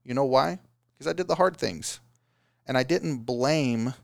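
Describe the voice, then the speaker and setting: Small-business owner, male, gravelly, casual motivational talk, dry sound. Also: mid-range voice, measured pace, no room sound. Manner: animated, does mocking voices of excuses. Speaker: business owner giving advice.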